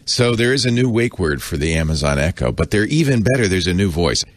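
A man's voice: sits low, very animated, brisk, no room sound. A middle-aged man, co-hosting a podcast in a chatty, self-correcting way with laughing asides. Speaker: podcast co-host. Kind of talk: casual explaining chat.

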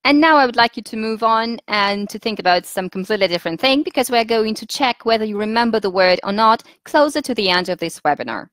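A woman with a Russian accent leading a webinar lesson for teachers, patient and instructive, pausing often with fillers as she thinks. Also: fairly high pitch, lively intonation, fairly bright tone, no echo. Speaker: teacher trainer.

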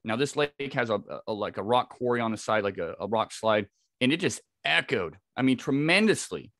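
A man's voice: medium pitch, animated, normal speed, fairly bright tone, no room sound, clean studio sound. A man, a podcast guest, telling a vivid first-person encounter story with frequent restarts. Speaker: podcast guest, Bigfoot researcher.

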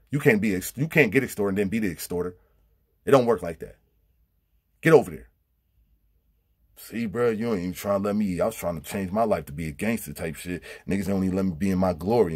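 Husky low-voiced man telling prison stories. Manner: animated, acts out quotes with big pitch jumps. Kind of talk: casual storytelling.

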